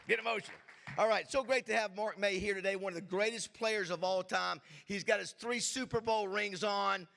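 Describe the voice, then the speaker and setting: A man hosting a club luncheon, rousing the crowd with excited shout-outs and drifting into emotional asides. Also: high voice, a little fast, creaky. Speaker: host. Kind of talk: emceeing a luncheon. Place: banquet hall.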